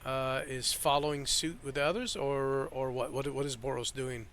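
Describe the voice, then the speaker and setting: A man narrating a tabletop game as game master over an online call, in a loose, halting way full of fillers. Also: medium pitch, steady tone, a crowd in the background.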